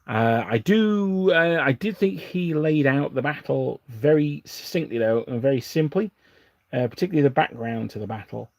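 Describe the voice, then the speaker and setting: A man's voice: mid-range voice, animated, normal speed, darkish tone, no room sound, studio quality. Rambling English man chatting on a live stream. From England. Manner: rambling, self-interrupting, chuckling often. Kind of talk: casual live stream chat while building models.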